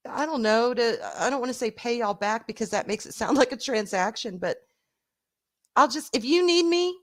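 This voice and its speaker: Talking at a normal pace with long pauses, this middle-aged woman from the American South speaks in a fairly high, lively voice with a Southern accent. She chats warmly with her stream viewers, laughing often and cursing now and then.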